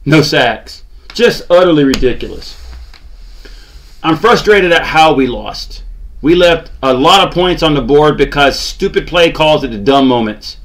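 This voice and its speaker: A man's voice: on the high side, animated, measured pace, a bit bright. A man ranting about his team's loss, exasperated and sarcastic, groaning and mocking. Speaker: sports channel host. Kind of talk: ranting fan commentary.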